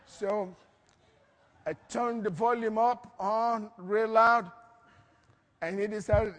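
Animated high-voiced preacher in a hall. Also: male voice, slow pace, long pauses. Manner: animated storytelling, acts out quotes, laughs often. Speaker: pastor. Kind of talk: sermon.

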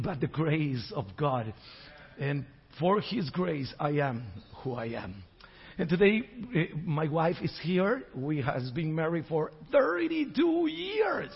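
Fervent high-voiced man preaching. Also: husky. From Costa Rica. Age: middle-aged. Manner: fervent, swings from shouting to soft. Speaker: visiting minister. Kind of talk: preaching and prayer. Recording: dull church hall sound with reverb.

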